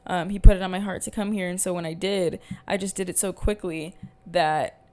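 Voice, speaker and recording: A woman's voice: lowish voice, fairly even intonation, fairly quick, darkish tone. A young woman hosting her own podcast, chatting candidly and rambling with lots of fillers and casual swearing. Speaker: podcast host. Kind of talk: casual solo podcast chat. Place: at home, talking to camera.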